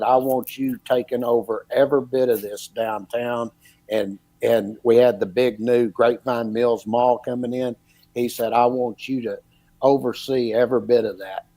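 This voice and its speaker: A man's voice: medium pitch, steady tone, moderate pace, dark tone, no echo, poor audio. A middle-aged man, telling a story in a casual, folksy way and acting out what each person said. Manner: folksy, retells dialogue with repeated "he goes" and "I said". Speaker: podcast guest, former electrical inspector.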